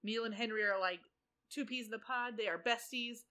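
A woman's voice: on the high side, brisk. A woman co-hosting a podcast, retelling a TV episode in casual chat with sarcastic asides. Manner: animated storytelling, sarcastic asides. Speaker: podcast co-host.

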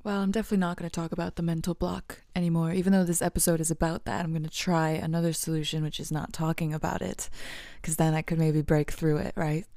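A woman's voice: low voice, little pitch movement, fast, hardly any pauses, mellow, no echo, studio quality. A young woman hosting a casual solo podcast, rambling and self-deprecating, often laughing and dropping into whispers. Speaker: podcast host.

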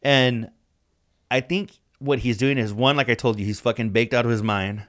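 A man's voice: mid-range voice, fairly even intonation, moderate pace, fairly bright tone. Rambling, profane casual man. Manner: rambling, profane, heavy use of "like". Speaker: podcast co-host. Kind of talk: casual chat.

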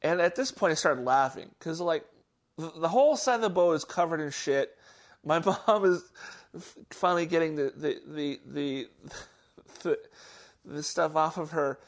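A man casually telling a childhood story on a podcast, halting and restarting often. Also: on the high side. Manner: halting, with many restarts and fillers; gets animated at the story's peak. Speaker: podcast host.

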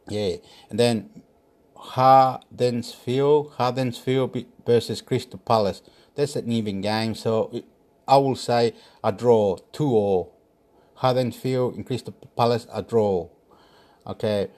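A man's voice: fairly low pitch, darkish tone. A man giving football predictions in a rambling casual monologue, talking to himself, muttering and sometimes swearing.

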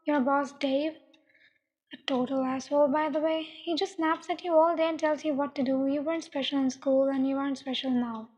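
A woman voicing a cold, teasing young female killer who speaks in a slow, mocking, menacing way. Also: high voice, fairly even intonation, a little mellow, lightly acted. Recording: dull, long echoing reverb.

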